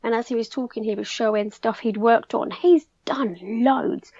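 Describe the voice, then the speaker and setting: Chatty English woman with a gravelly edge. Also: fairly high pitch, moderate pace, highs cut off, slight background noise. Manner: chatty, fillers like "like", excited storytelling. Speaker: podcast guest. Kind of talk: casual chat.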